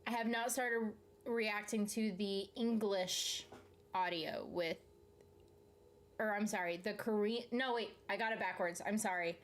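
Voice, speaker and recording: A woman's voice: mid-range voice, fairly even intonation, unhurried. A woman from the South, chatting casually on a live stream, reading out viewer comments and answering them in a rambling way, swearing freely and laughing mid-sentence. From Southern United States.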